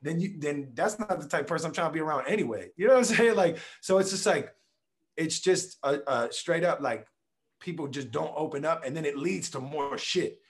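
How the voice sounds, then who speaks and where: Man, podcast guest, casual and profane, slightly higher voice. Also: brisk. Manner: blunt, profane, animated storytelling with acted quotes. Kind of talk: casual conversation.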